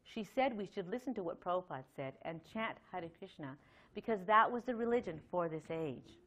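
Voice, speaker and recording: A woman's voice: lowish voice, animated, fairly quick, fairly bright tone. A middle-aged woman giving a Sunday temple lecture, talking conversationally with many fillers and reading a long letter aloud. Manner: conversational, chatty with frequent fillers and light laughs; reads a letter aloud at length. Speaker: temple speaker.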